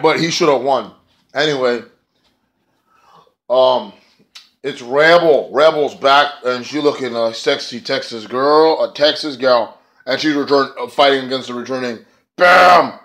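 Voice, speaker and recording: Male reviewer, rambling and profane, sarcastic casual delivery, mid pitch. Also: steady tone, moderate pace, a bit bright. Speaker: wrestling show reviewer.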